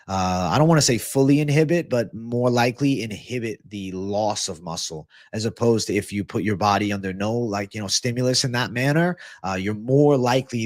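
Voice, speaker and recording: A man's voice: on the low side, no echo, studio quality. Casual young man hosting a livestream. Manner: casual, swears, thanks viewers, calls them bro. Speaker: livestream host. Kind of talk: casual live-stream chat reading chat.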